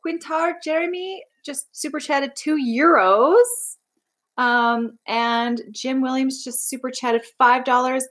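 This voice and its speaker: A woman's voice: sits high, steady tone, slow pace, fairly bright tone, low-quality recording. A young woman from Canada chatting casually on a livestream, bubbly and rambling as she reads out viewer comments. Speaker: livestream host.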